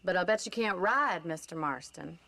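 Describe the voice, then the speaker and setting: A woman's voice: on the low side, normal speed. A spirited young ranch woman. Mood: friendly. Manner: lively, playfully challenging. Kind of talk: video game dialogue.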